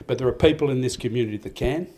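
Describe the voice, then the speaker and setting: A man's voice: mid-range voice, very fast, mellow, a little hiss or hum. An older Australian man giving a rambling, heartfelt speech at a farmers' awards night, with many restarts. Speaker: event organiser giving a speech. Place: event hall.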